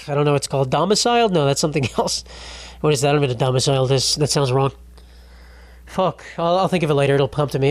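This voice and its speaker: A young man hosting a casual solo podcast, rambling and swearing, often mocking himself. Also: on the high side. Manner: rambling, profane, self-mocking. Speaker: podcast host.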